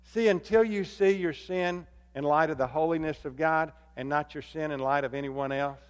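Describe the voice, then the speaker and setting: A man preaching a sermon as pastor, swinging between loud emphatic calls and low hushed appeals. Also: moderate pace, smooth. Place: church sanctuary. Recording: long hall reverb.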